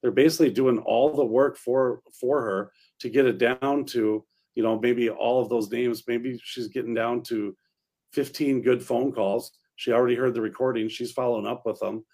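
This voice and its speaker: A man, a real estate agent, co-hosting a casual chat and speaking in a halting, hesitant way. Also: mid-range voice, steady tone, darkish tone.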